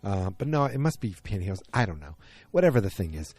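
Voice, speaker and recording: Male solo podcast host with a low, mellow voice. Chatty and rambling, unsure of the details, recorded dry. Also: sing-song, quick pace, no room sound. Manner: rambling, unsure, often second-guessing himself. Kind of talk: casual solo episode recap. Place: outdoors.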